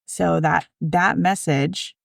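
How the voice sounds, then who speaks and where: A woman hosting a spiritual podcast, telling her story in a lively, step-by-step way. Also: fairly low pitch, slow pace, creaky, no room sound, clean studio sound. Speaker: podcast host. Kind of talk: casual spiritual conversation.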